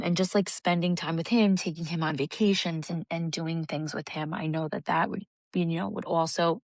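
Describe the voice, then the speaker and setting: A young adult woman co-hosts a podcast, speaking earnestly and reflectively in casual conversation. Her voice is on the low side, and the recording is dry.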